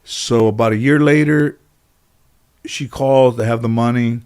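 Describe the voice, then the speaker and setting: A man's voice: medium pitch, measured pace, clean tone. A man in a casual interview, telling long anecdotes full of fillers and restarts, and acting out the people he quotes. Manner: rambling, filler-heavy, animated when quoting others. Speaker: interview guest.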